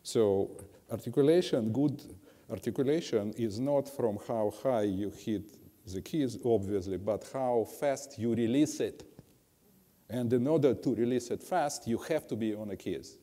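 An older man coaching a pianist, blunt and instructive as he corrects the playing. His voice is mellow and warm. It rings with a long reverb in a large hall. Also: mid-range voice, unhurried. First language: Russian. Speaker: piano teacher. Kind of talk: master class coaching. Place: music school hall with a piano.

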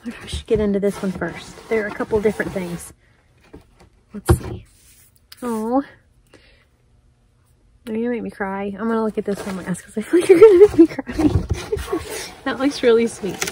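A woman chatting casually and excitedly as she opens mail, often laughing and thanking the sender. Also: on the high side, moderate pace, long pauses, background noise. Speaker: crafting vlogger. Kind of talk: casual unboxing chat.

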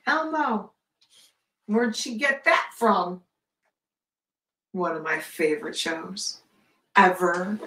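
A woman's voice: medium pitch, takes it slowly, long pauses, a bit bright, echoey room, distant mic. A woman art teacher leading a live online class, chatty and encouraging with casual fillers.

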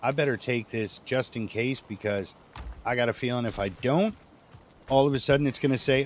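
A man's voice: medium pitch, normal speed. A man streaming a game live, commenting casually as he plays and grumbling and swearing when things go wrong.

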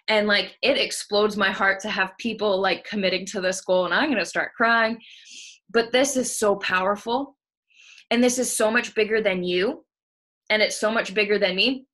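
A woman's voice: mid-range voice, bright, forceful tone. A woman leading a motivational team call, hyped and cheering her team on, swearing freely, from a room at home. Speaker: team leader of a coaching team. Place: room at home with the window open.

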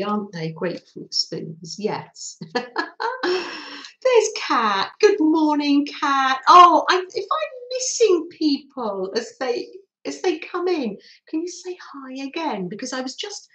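A woman's voice: high-pitched, fairly bright tone, echoey room, poor audio. A middle-aged woman, hosting a chatty live craft stream and greeting her viewers cheerfully. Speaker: craft livestream host.

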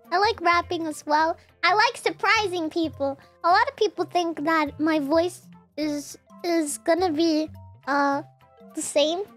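A woman's voice: very high voice, fairly bright tone. A woman streamer chatting casually on a livestream, giggly and teasing, laughing often.

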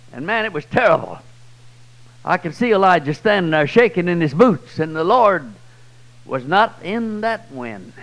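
A man with a Southern US accent preaching a sermon, swinging from loud, high cries to low, quiet passages. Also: expressive, normal speed, rough recording. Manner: swells loud and high then drops low and soft. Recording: old 1990s church tape.

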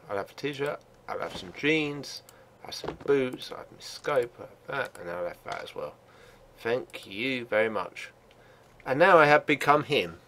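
An older man hosting his own gaming channel, giving casual commentary while he plays at his home computer, chatty and quick to laugh. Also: medium pitch, a little hiss or hum. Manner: chatty and laughs easily, gets loud and sweary in action.

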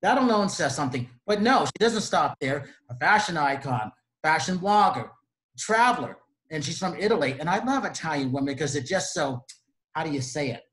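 A man's voice: on the high side, lively intonation, moderate pace, a bit bright. Male show host, effusive and eager, room echo around the voice. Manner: enthusiastic, effusive. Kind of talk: interview host introduction and questions. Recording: roomy echo.

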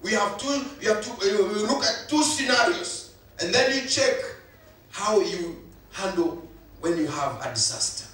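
A man's voice: high voice, expressive, measured pace, bright, forceful tone. A male pastor, preaching a sermon with emphatic repetition. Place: church hall. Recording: echoey hall, voice from far off.

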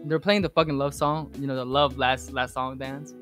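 A podcast guest tells a casual, animated story, rambling, restarting, and swearing heavily as he goes. His voice sits in the mid-range at a moderate pace, with faint music in the background.

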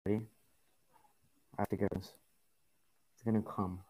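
A man's voice: on the low side, flat delivery, normal speed, darkish tone, slightly rough. A man giving casual gameplay commentary, grumbling and swearing at the game in frustration. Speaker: gaming YouTuber.

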